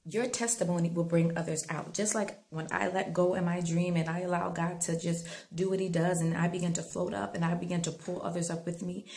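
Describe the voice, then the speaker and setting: A woman's voice: on the low side, little pitch movement, brisk, creaky, hardly any pauses, a little mellow. A woman talking earnestly to her viewers, telling a dream and giving faith-based encouragement in a conversational way. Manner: earnest, conversational, with frequent fillers; rising to fervent preaching tone. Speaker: inspirational vlogger.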